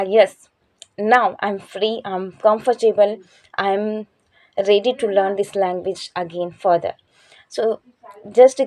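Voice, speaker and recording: Young woman vlogger from chhattisgarh, chhattisgarhi accent, soft mellow voice, lots of uh and um while she thinks. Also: mid-range voice. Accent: Chhattisgarhi English. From Chhattisgarh, India. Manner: hesitant, searching for words with many fillers. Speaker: English-learning vlogger. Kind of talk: casual advice to camera.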